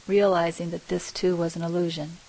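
A middle-aged woman giving a reflective spiritual talk, speaking slowly and softly with many pauses. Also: lowish voice, level tone, low-quality recording. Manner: slow, soft, pausing and searching for words. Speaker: spiritual teacher.

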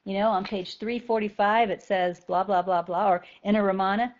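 A woman's voice: medium pitch, brisk, dull audio. A woman spiritual teacher talking conversationally to a group of students and often checking in with "right?".

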